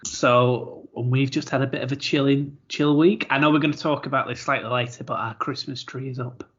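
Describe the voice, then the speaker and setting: A man chats loosely on a podcast. His talk rambles, with restarts and quick laughs. The audio sounds a little dull and lo-fi, and his voice sits in a middle pitch. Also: fairly even intonation, fairly bright tone, husky. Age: 30s. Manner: chatty, rambling, laughs easily, repeats words. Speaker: podcast co-host. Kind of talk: casual chat.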